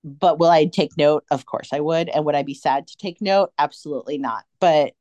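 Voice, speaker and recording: A low-voiced woman co-hosting a casual podcast, chatty and animated, slipping into little acted-out quotes. The recording is dry and close, with no room sound. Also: brisk, no room sound. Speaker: podcast co-host. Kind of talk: casual fan chat.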